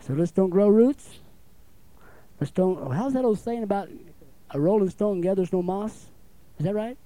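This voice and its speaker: A man's voice: sits high, unhurried, dark tone, dry recording, low-quality recording. A man preaching a sermon in a folksy way, often calling out for an amen. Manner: folksy, calls for amens, acts out little dialogues.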